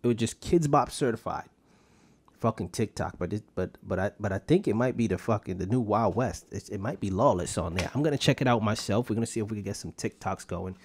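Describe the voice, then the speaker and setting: Husky and a little mellow, this young man's fairly low voice moves at a brisk clip. Alone on his podcast, he talks in a blunt, rambling way, loaded with profanity and street slang.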